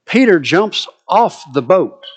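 Man, preacher, dramatic storytelling sermon, somewhat high voice. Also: very animated, slow pace, husky. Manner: dramatic, vivid retelling.

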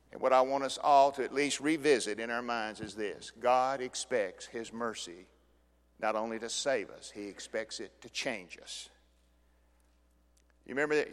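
Older male pastor, sermon delivery, dynamic swings from quiet to booming, long church reverb. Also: moderate pace. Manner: dramatic swings from hushed to loud. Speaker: preacher.

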